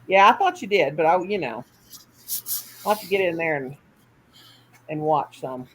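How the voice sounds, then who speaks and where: A woman's voice: deep voice, animated, normal speed, fairly bright tone, a little hiss or hum, low-quality recording. An older woman hosting a casual livestream at home, chatty and folksy, reading comments aloud and laughing often. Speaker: livestream host.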